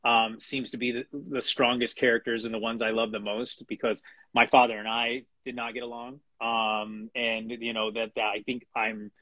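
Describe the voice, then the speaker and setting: A man's voice: medium pitch, level tone, moderate pace, bright, forceful tone, dry recording. A middle-aged man, a guest animation writer, chatting casually in an interview with many restarts, fillers and small chuckles.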